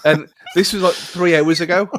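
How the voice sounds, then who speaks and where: A man's voice: high voice, fairly even intonation, normal speed, no room sound. A man co-hosting a casual podcast, rambling and self-mocking and often trailing off mid-thought. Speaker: podcast co-host.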